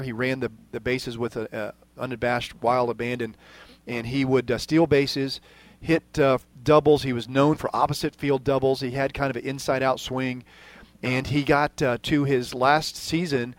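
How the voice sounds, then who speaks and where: A man's voice: mid-range voice, fairly even intonation, normal speed. A man hosting a radio sports talk show who retells stories for the listeners, with fillers along the way.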